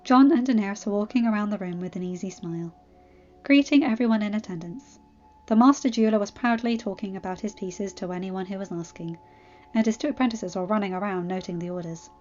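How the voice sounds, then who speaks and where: A woman calmly reading fan fiction aloud as narrator. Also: medium pitch, brisk, highs cut off. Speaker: audiobook reader.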